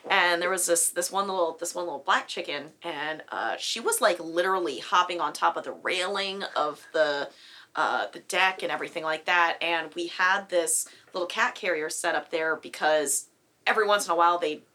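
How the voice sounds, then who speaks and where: A bright-voiced woman chatting on a podcast as a guest singer. She tells a story at an easy, rambling pace, filling gaps with little asides. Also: lowish voice, normal speed. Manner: rambling storyteller, full of fillers. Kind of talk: casual podcast chat.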